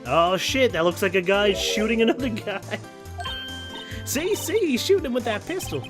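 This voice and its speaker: A man voicing a brash young Southern woman photographer while reading game dialogue aloud, with a put-on folksy drawl and a sassy, loud manner. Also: sits high, expressive, moderate pace, pitched above the performer's own voice. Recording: game music behind.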